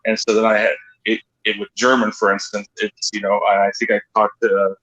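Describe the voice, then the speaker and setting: A man's voice: lowish voice, little pitch movement, a little fast, fairly bright tone, lo-fi sound. A man guesting on a casual livestream chat, explaining his voice work in long, rambling sentences. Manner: rambling, explanatory, many restarts. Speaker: guest voice actor.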